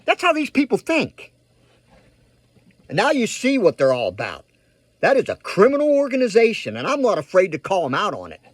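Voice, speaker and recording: A man's voice: high-pitched, huge pitch swings, fast, husky, no room sound. A man ranting heatedly to his viewers, repeating himself for emphasis and urging them to act. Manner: heated, repetitive, emphatic, addresses viewers directly. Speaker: political vlogger. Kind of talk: ranting direct-to-camera commentary.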